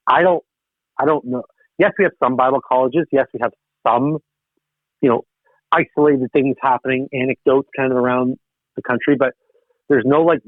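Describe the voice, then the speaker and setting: A middle-aged man from Canada, a guest on a podcast interview, talking in a rambling, animated way with many restarts. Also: mid-range voice, no echo. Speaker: guest, political missionary. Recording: tinny phone line, dry.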